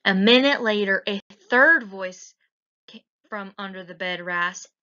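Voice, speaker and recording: A woman teacher reading a picture book aloud in a slow, expressive way. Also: mid-range voice. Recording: dull lo-fi recording.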